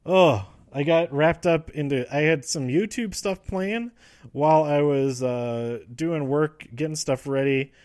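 A man hosting a casual, rambling recap show from a quiet home room, full of fillers and restarts. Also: fairly high pitch, no echo, clean studio sound. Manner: rambling, frequent fillers and restarts, quotes wrestlers in quick asides. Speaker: podcast host recapping wrestling.

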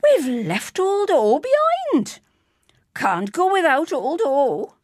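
A fussy old man from a storybook shrieks in a high, strained voice, as a woman puts him on. He sounds loud and harried, yelling as if from across a bus. The reading stays close and dry. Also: huge pitch swings, slow pace, no echo, heavily acted. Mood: panicked. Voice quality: shrill, shouting. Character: fussy old man, outing organizer, shrill.

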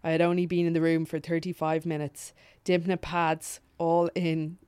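A woman's voice: deep voice, level tone, moderate pace, darkish tone, clean tone. Woman, podcast co-host, comic story reading, giggly, swears, chatty asides. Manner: laughs often, breaks off to comment, swears freely.

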